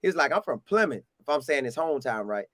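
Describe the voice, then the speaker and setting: Talking quickly, a Floridian man with a Southern drawl tells a lively, casual story of visiting a game, slipping into a higher voice to act out what others said. The sound is dry and clean, from a studio.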